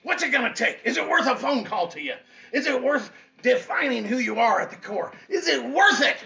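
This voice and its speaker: A man's voice: very high voice, sing-song, fairly quick, gravelly, sharp tone. A man giving a fiery, preachy motivational speech as a fitness coach, hammering points home with repetition. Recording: dull lo-fi audio with faint music.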